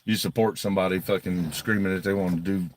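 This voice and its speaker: A man's voice: low-pitched, fairly even intonation, fast talker, slight background noise. A man hosting a casual livestream, blunt and heavily profane, often agitated as he reads viewer donations.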